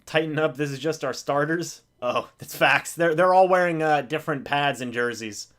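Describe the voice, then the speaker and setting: A man with a fairly high voice hosts a live reaction to a game. He calls the plays excitedly and begs the players not to mess up. He jokes about the pain of losing. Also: normal speed. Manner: excitable, pleading with players, self-mocking humor. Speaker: live-stream reaction host.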